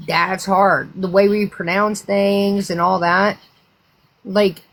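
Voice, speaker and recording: An American woman talks loosely and frankly to her viewers, swearing freely as she rambles from one thought to the next. Her voice sits at an ordinary middle pitch. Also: level tone, slow pace. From United States. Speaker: livestream host. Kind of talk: casual chat.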